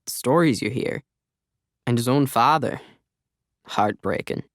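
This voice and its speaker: A man's voice: mid-range voice, measured pace, no room sound, clean studio sound, lightly acted. A man voicing a chatty older stranger who talks with a slight accent and rambles earnestly. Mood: earnest rambling.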